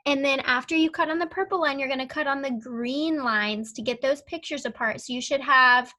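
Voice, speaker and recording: A young woman leads a kindergarten phonics lesson in a high, bright voice. She speaks slowly and patiently, stretching out each word and spelling letters one by one for small children. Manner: patient, slow, sounds out words and letters. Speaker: kindergarten teacher.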